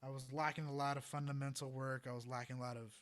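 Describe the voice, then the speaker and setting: A young adult man, a trumpet player, telling a story as a podcast guest in a rambling, animated way, laughing often and filling with "you know". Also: medium pitch, fast. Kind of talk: casual storytelling in a podcast interview.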